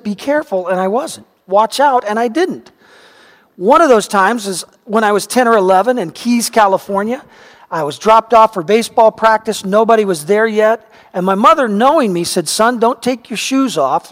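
High-voiced pastor in an echoing hall. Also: male voice. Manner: animated storyteller, voice rising and shouting at dramatic moments. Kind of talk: sermon with personal storytelling. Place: church sanctuary. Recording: long reverb of a large hall.

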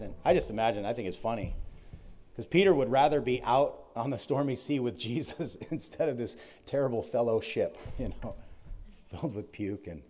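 A man preaching a sermon, retelling gospel stories and dropping his voice softly when quoting the words of Jesus. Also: mid-range voice, slight background noise. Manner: storytelling, quietly voicing Jesus' words. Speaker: pastor.

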